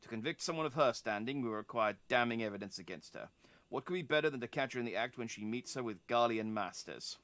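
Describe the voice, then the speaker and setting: A man reading the lines of a calm, secretive female ninja ally from a game in a quiet, measured voice. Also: medium pitch, dry recording, close to an everyday voice. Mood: hushed.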